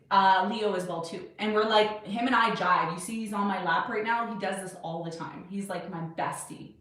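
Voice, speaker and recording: A woman's voice: medium pitch, fairly bright tone, far from the mic. A woman in her thirties hosting an astrology livestream, talking casually and at length to her viewers with easy confidence. Her voice rings through a very echoey room. She sits a little back from the camera's microphone. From Jamaican, Irish and Serbian heritage. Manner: chatty and rambling, self-assured. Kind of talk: casual livestream chat answering viewer questions. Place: home desk with her cat on her lap. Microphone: webcam or camera at a desk.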